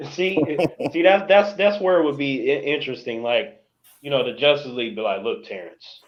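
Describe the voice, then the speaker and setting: A man's voice: mid-range voice, normal speed, muffled recording. A man chatting casually with a friend on a live stream, joking and acting out imagined scenes. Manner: jokey, acts out scenes in put-on voices. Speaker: co-host. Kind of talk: casual chat.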